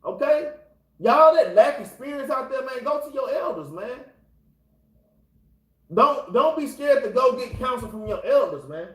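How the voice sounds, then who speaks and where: A man's voice: extremely high pitch, animated, a little slow, echoey room, poor audio. A man leading an informal scripture class, talking casually and exhorting his listeners, constantly repeating the same filler address. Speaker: Bible class teacher.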